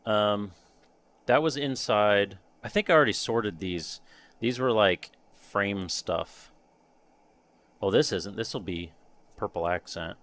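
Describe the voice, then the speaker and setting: A man's voice: fairly low pitch, animated, slow, long pauses, a bit bright. A man chatting casually on a live stream while painting a model kit, muttering to himself and trailing off. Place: home workshop.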